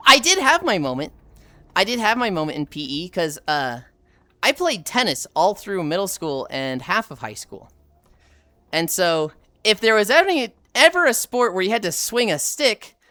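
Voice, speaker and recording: A woman's voice: medium pitch, normal speed, dry recording. A woman streamer telling rambling stories from her school days in casual, profane chat while greeting viewers. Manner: profane, rambling, animated retelling.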